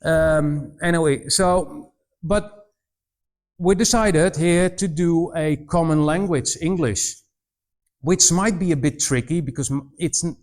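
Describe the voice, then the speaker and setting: A middle-aged missionary speaker with a Dutch accent, from the Netherlands, talks slowly in a voice on the high side. He entertains students with humorous anecdotes, often restarting as he goes.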